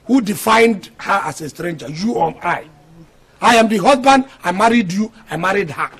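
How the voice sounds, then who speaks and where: A man playing a stern, exasperated Nigerian husband who lectures his quarrelling wives. His voice sits high for a man and has a husky edge. He sounds firm and scolding, like a film drama. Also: animated, normal speed, fairly bright tone, full character voice. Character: stern polygamous husband, middle-aged, exasperated.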